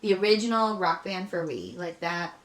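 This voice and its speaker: A young woman co-hosting a casual nostalgic podcast chat, telling stories with animated asides. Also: fairly low pitch, normal speed, slight background noise. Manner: animated storyteller, acts out commercial voices. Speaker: podcast co-host. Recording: roomy echo, backup audio.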